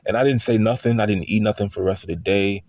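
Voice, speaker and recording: A young man giving a casual spoken testimony, halting and repeating himself, often restarting with fillers. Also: on the low side, darkish tone. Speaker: storyteller recounting a personal experience.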